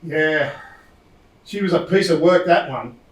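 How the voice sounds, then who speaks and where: A man's voice: fairly high pitch, measured pace, noisy background, close to an everyday voice. An actor playing a blunt, teasing older man with an Australian accent on stage. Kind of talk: stage play acting. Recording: echoey theatre stage.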